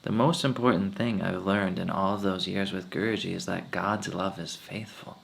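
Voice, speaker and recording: A gravelly, low-sitting voice moves at a moderate pace with fairly even intonation. The speaker is a swami offering satsang, recounting earnest personal experiences and quoting his teacher in different voices.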